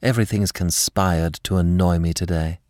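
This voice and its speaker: A man voicing an anxious, restless young wife in an audiobook reading, raising his voice higher and speaking quickly. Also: fairly even intonation, darkish tone, dry recording, clean studio sound, natural voice. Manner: nervy, quick, higher pitched.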